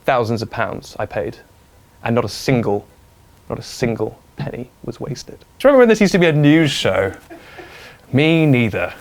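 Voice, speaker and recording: A young English man hosting a comedy news show, deadpan and self-mocking. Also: medium pitch, moderate pace, slight background noise. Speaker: host. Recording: music bed under the voice.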